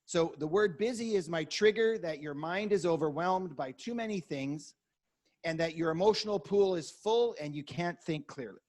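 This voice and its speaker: A man coaching a workshop, energetic and acting out client conversations as examples. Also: on the high side, normal speed. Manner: energetic, acts out dialogue examples.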